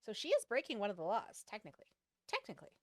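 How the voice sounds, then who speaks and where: A woman's voice: on the high side, fast talker. Chatty woman reacting to a show. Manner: chatty, animated, thinking aloud with many fillers. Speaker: reaction video host. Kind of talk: casual reaction commentary.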